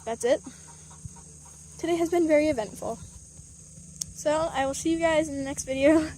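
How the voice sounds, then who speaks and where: A high-pitched young woman chats while she films herself at a chicken coop with a handheld camera. She coaxes her hens in a sing-song tone. Faint outdoor noise and clucking sit behind her voice. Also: normal speed, warm tone. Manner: chatty, coaxing the hens with baby talk. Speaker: vlogger. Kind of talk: casual vlog narration.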